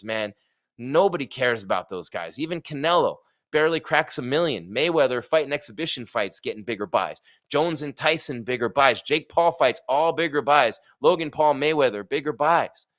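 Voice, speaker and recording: A man's voice: medium pitch, a bit bright. A man hosting a live fight stream, chatting casually with jokes and rhetorical questions. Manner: reads sponsor ad.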